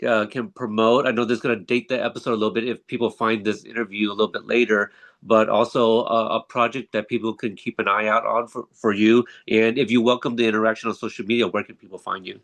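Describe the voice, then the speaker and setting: A man hosting a casual interview, asking relaxed questions with fillers. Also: fairly low pitch, fast. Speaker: podcast host.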